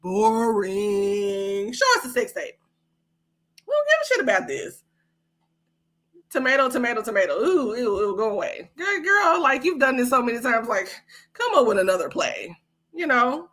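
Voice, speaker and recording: A woman's voice: on the high side, very animated, moderate pace, a bit bright. A woman hosting a livestream podcast, giving blunt, sassy commentary that is full of profanity. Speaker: podcast host.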